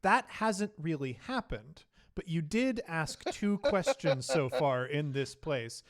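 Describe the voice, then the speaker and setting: Slow, halting game master man, fillers, tabletop narration. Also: fairly high pitch, expressive.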